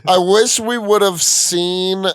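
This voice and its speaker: A man's voice: sits high, fairly even intonation, takes it slowly, clear, resonant tone, no room sound, clean studio sound. A man co-hosting a casual podcast chat, swearing and laughing as he talks. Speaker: podcast co-host.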